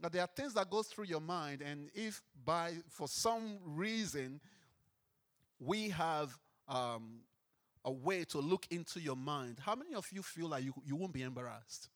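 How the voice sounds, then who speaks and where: Man, preacher, sermon, high voice, animated delivery. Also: measured pace. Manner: emphatic, acts out scripture with rising intensity; asks the congregation questions.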